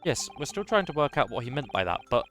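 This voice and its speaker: A man's voice: medium pitch, big pitch swings, fast, a bit bright, faint music behind. A man voicing a polite, proper young woman assistant who speaks courteously, reading game dialogue aloud. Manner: courteous, formal speech.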